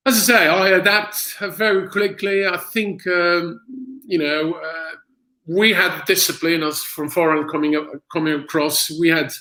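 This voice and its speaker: A man's voice: on the high side, measured pace, poor audio. A man who is a former footballer, speaking English as a second language in a casual interview, telling stories with laughs and lots of fillers. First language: not English. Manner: animated storyteller, laughs often, many fillers.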